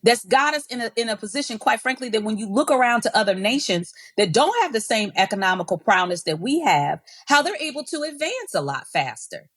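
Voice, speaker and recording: A woman's voice: on the high side, animated, a little fast, hardly any pauses, a bit bright, breathy edge, no echo, clean studio sound. A woman who leads an education nonprofit, speaking passionately and emphatically as a guest in an interview. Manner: passionate, emphatic, with repeated restarts. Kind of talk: conversational interview.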